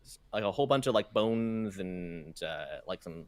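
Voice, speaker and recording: A man's voice: deep voice, expressive, moderate pace, no echo. A young man running a tabletop game as game master, rambling through his narration with many restarts. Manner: rambling, full of fillers and restarts, laughs at himself.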